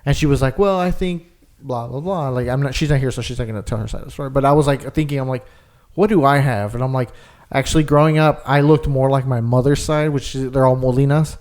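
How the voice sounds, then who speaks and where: A young man chatting on a podcast, with a middle-pitched voice that sits right in the usual range. He tells stories in a rambling, casual way, packed with fillers and restarts. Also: fairly even intonation, quick pace, darkish tone. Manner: rambling storyteller, lots of "like". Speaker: podcast co-host. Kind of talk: casual chat.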